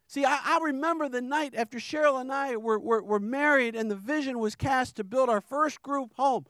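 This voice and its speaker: A middle-aged man from New York shares his testimony in church. His voice sits high and comes across smooth and clear. He speaks earnestly, stumbling and repeating words, and the recording is close and dry. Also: moderate pace, few pauses, fairly bright tone, no room sound. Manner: earnest, repeats words and restarts, emotional emphasis. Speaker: ministry founder giving testimony.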